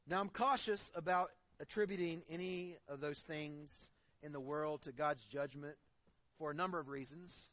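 A male pastor preaching a sermon. He reads scripture slowly and deliberately, then tells stories in a conversational way, often restarting his sentences. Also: fairly high pitch, a bit bright, dry recording. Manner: conversational storytelling with frequent restarts.

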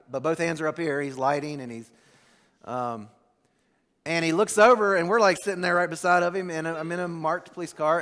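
In a large hall, a pastor delivers a sermon in his rather high voice, narrating a story. He swings between animated bursts and a quiet, slowed-down delivery.

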